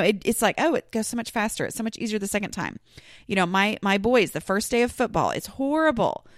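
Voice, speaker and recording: In studio-quality audio with no reverb, a woman with a slightly high voice hosts her own podcast. She chats in a loose, meandering way, often restarting sentences and leaning on filler words.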